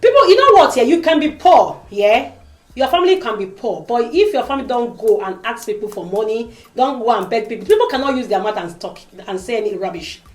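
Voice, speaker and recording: A woman talks straight to camera in a casual vlog. Her fairly high voice swings up and down with lively emphasis. The room around her is echoey. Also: fairly quick. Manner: animated, emphatic, acts out quoted voices. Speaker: vlogger. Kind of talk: emotional casual vlog monologue.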